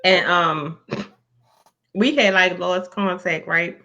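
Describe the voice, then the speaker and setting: Lo-fi woman host telling animated stories. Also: fairly low pitch, slow pace. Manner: animated storyteller, slangy, acts out quotes. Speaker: podcast host. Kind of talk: casual podcast chat. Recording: dull lo-fi sound.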